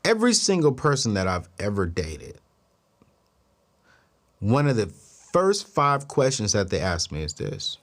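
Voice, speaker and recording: A male host telling a story in an animated monologue, acting out both sides of each conversation and jumping up in disbelief. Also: measured pace, long pauses. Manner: expressive, acts out both sides of dialogues, voice jumps high in disbelief.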